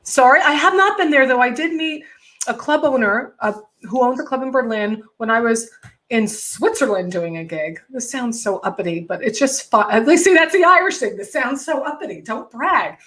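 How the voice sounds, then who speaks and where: Middle-aged woman, comedian host, animated casual chat, slightly high voice. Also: moderate pace. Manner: chatty, animated, self-mocking.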